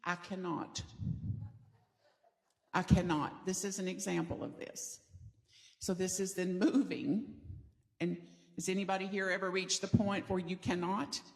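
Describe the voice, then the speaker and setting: A woman's voice: medium pitch, level tone, normal speed, creaky. A middle-aged woman from the American South preaching a sermon in a church, conversational and playful, inviting the congregation to repeat lines with her. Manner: conversational and playful, leads the congregation in call-and-response. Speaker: pastor. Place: church sanctuary.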